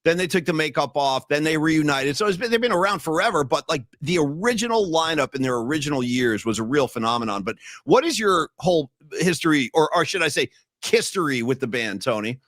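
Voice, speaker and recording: A man hosting a casual sports and music chat show, an animated storyteller who calls people bro and dude. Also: on the high side, a little fast, hardly any pauses, no room sound, clean studio sound. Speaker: podcast host.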